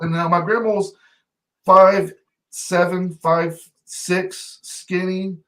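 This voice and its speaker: A man co-hosting a talk show, telling a family story in a lively, laughing way and mimicking his relatives. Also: sits high, takes it slowly, a little hiss or hum. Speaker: podcast co-host. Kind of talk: casual storytelling. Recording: echoey room, off-mic.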